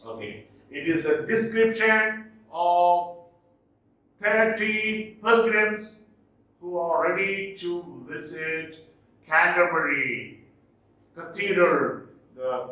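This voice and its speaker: A man teaching English literature in a classroom lecture, explaining points slowly and repeating what matters for the exam. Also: a little high, pushed and bright. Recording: echoey room, voice from a distance.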